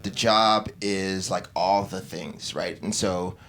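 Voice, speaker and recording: A man with a slightly low voice speaks in a thoughtful, measured way during a casual panel chat. Faint background noise sits under his voice. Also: fairly even intonation, fairly bright tone. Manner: thoughtful, measured, uses many fillers. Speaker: real estate agent guest.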